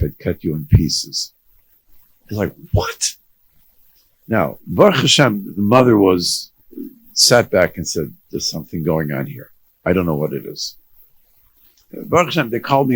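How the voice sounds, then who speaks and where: A man's voice: lowish voice, husky, dry recording. A middle-aged man, a rabbi and counselor, giving a conversational lecture to parents and educators, often restarting his sentences and mixing in Yiddish and Hebrew words.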